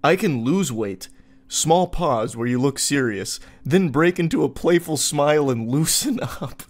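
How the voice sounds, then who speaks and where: A man giving reaction commentary in a sarcastic, incredulous tone, often jumping into exaggerated high quips. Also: lively intonation, a little slow. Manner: sarcastic, incredulous, mock-puzzled. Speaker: online commentator.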